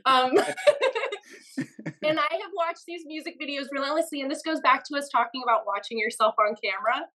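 Young woman guest, keeps laughing, bright tone, slightly high. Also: normal speed, poor audio. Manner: giggly, flustered, laughs often. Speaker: podcast guest. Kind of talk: casual interview chat. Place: home studio.

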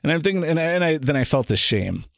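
A man's voice: a little high, fast, vocal fry, no room sound, studio quality. A man, a philosophy guest on a podcast interview, talking casually and acting out the dialogue in his anecdotes. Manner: animated storyteller, acts out quoted dialogue.

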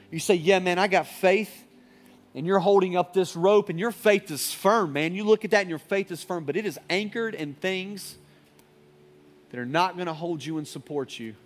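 A man preaching a sermon, telling a story, building to loud urgent peaks and dropping to hushed, earnest lines. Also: a little high. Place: church service with live audience.

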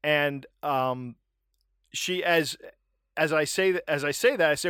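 A middle-aged man hosting a comedy podcast, ranting wryly and telling animated anecdotes. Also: on the high side, moderate pace, clean tone, no echo, studio quality. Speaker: podcast host. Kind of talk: casual comedic podcast chat and storytelling.

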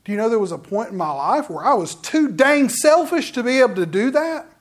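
Animated preacher man. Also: very high-pitched, a little fast. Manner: animated, swings from loud emphatic bursts to hushed near-whispers, repeats words. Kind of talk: sermon with personal stories.

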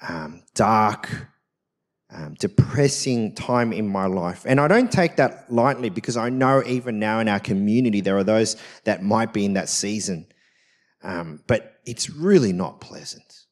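Lively pastor telling a story. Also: male voice, lowish voice, unhurried. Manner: conversational, frequent "right?" tag questions, self-mocking. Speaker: senior pastor. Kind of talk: personal sermon storytelling. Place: church service.

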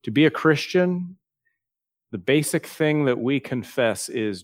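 A man preaching a sermon, earnest and plainspoken, slowing down and softening his voice for quoted prayers. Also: mid-range voice, animated, dry recording, studio quality. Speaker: pastor.

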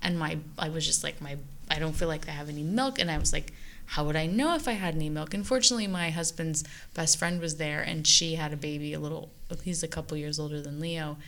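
Lively storytelling mother, lowish voice. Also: fast. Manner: animated storyteller, acts out quotes in a higher voice. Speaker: guest mother sharing experience. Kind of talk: casual conversational podcast chat.

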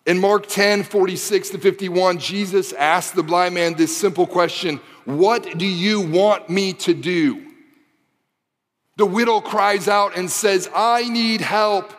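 Preacher guy from the detroit area, kinda high voice, gets fired up with repeated lines, casual jokes to the crowd, big hall reverb. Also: a bit bright. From Michigan, Detroit area. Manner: builds to impassioned, rising emphasis with repeated phrases; casual asides to the audience. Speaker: pastor. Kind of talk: sermon.

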